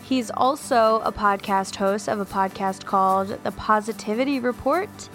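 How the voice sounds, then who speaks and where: A woman's voice: medium pitch, normal speed, fairly bright tone, soft background music. Woman in a put-on British accent. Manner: rambling, self-mocking. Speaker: podcast host. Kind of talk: podcast intro monologue.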